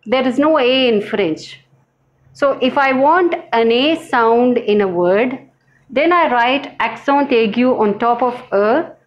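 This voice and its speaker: Woman, language teacher, fairly high voice, very slow, careful, repeats words. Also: dull audio. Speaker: French teacher. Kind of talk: slow classroom lesson.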